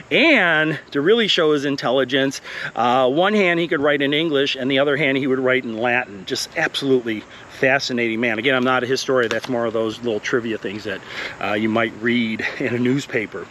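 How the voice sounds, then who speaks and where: A man's voice: mid-range voice, brisk, bright, forceful tone. Male college instructor, walking vlog, a bit out of breath, earnest and encouraging, faint outdoor noise. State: a little out of breath. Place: outdoor wooded path.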